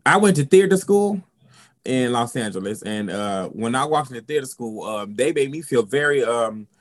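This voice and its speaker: A man's voice: mid-range voice, normal speed. Southern-accented man, drag performer, sassy interview storyteller. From South Carolina. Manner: sassy, expressive, sprinkles in "honey" and "girl".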